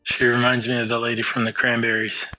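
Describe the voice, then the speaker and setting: A man's voice: medium pitch, completely flat delivery, fast talker, sharp tone, faint music behind, poor audio. A man co-hosting a podcast, chatting casually and jokingly while watching a movie with a remote partner. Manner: joking, laughs often. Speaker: podcast co-host. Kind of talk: casual movie commentary chat.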